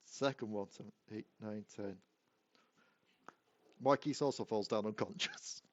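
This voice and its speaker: A man's voice: fairly low pitch, unhurried, highs cut off. A man running a tabletop game as dungeon master, counting out dice rolls and reading rules, often laughing.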